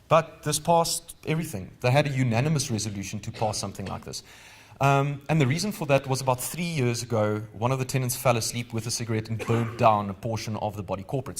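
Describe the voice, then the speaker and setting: South African man running a legal seminar. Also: medium pitch. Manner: conversational, quizzes the audience with rhetorical questions. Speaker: legal trainer. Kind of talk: live training seminar.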